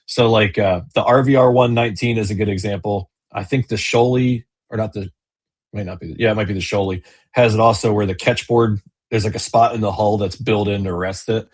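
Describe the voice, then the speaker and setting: Husky, lower-voiced male guest, casual and rambling, on a video call. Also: fairly even intonation, fairly quick. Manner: rambling storyteller with many fillers and restarts. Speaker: business owner and kayak angler, guest. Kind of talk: casual interview chat.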